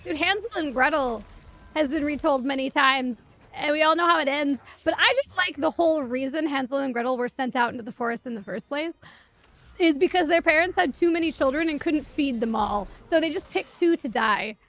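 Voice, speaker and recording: Woman, high voice, streamer, sarcastic, swears a lot, animated casual storytelling. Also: a little fast. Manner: profane, sarcastic, animated retelling. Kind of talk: casual storytelling while gaming.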